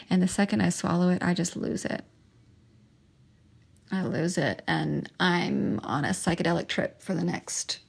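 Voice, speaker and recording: Young woman, gravelly voice, halting emotional monologue. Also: on the low side, a little mellow. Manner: emotional, halting, with restarts and pauses. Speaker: podcast host sharing her testimony. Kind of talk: personal testimony monologue.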